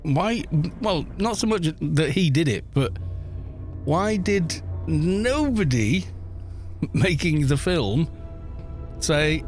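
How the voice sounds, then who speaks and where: A man's voice: on the high side, lively intonation, takes it slowly, long pauses, faint music behind. A man hosting a gaming channel, chatting wryly and rambling through asides while he plays an online game. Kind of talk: casual commentary while playing an online game.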